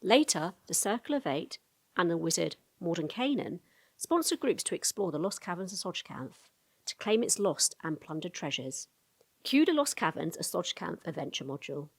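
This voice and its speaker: A woman narrating a fantasy lore explainer video in a brisk storytelling tone, with casual asides to the viewer. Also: on the low side, sing-song, vocal fry, breathy edge.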